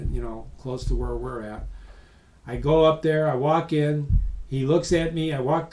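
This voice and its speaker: A man presenting a webinar as a lively, emphatic storyteller who speaks straight to his audience. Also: mid-range voice, roomy sound. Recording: voice distant from the mic.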